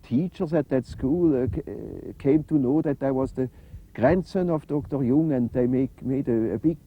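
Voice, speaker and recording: An older man, answering interview questions in a halting, reflective way with many fillers. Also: medium pitch, husky, narrow, tinny audio. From Switzerland. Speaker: interview guest.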